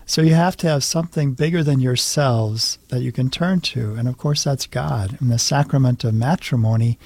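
A man's voice: mid-range voice, normal speed, a little mellow, dry recording. A man, a priest co-hosting a radio talk show, speaking reflectively in a pastoral way. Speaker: priest, co-host.

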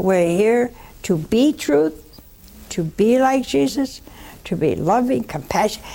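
A woman's voice: fairly high pitch, a little mellow. An older woman hosting a religious call-in show, blunt and fervent, answering callers. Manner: slow, blunt and fervent, calls callers honey.

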